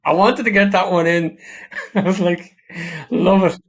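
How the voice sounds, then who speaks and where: A man's voice: high-pitched, a little slow. Guy hosting a podcast, friendly, teasing, repeats himself a bit. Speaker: podcast host. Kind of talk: casual interview chat.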